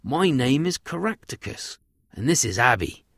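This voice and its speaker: A man's voice: medium pitch, big pitch swings, moderate pace, vocal fry, a bit bright, no echo, clean studio sound, full character voice. A man doing a flustered, polite old farmer. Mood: bewildered. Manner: polite, bewildered.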